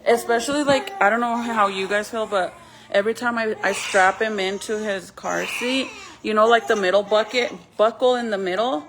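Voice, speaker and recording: A woman's voice: mid-range voice, normal speed, fairly bright tone, slight background noise. A woman vlogging casually to her viewers while buckling her baby into the car. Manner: chatty, talks to viewers while handling a baby. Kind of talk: casual vlog chat.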